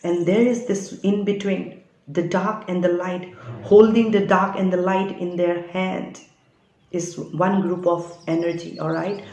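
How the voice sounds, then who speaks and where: A woman's voice: fairly low pitch, steady tone, unhurried, mellow, a little hiss or hum. Insistent woman preaching in an echoey room. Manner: preachy, insistent, keeps adding "all right?". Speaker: spiritual channel reader. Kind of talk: spiritual guidance monologue.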